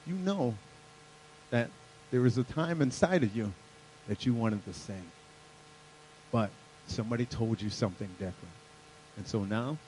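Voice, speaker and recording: A man delivers a sermon in a church in a middle-pitched voice. He shifts from rising, emphatic points to a quieter storytelling tone. A faint hum sits under the recording. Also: rough recording. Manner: preaching, loud and rising in early points, then quiet storytelling. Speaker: pastor. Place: church sanctuary.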